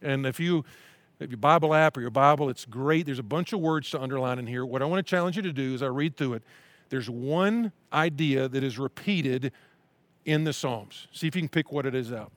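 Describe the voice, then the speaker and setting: A man preaching a sermon as a pastor, earnestly explaining scripture and slowing down to read verses aloud. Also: mid-range voice, dry recording. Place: church at-home broadcast.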